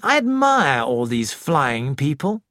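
A worldly society man speaks in a polished, languid drawl, as an audiobook reader voices him. His lines come slowly. The recording is dry and close. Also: mid-range voice, sing-song, a bit bright, dry recording.

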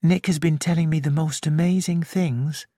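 A reader voicing a quiet, honest young woman who speaks softly and earnestly, in an audiobook. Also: medium pitch, fairly even intonation, moderate pace, no room sound, studio quality, lightly acted. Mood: gentle. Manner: soft, gentle, earnest.

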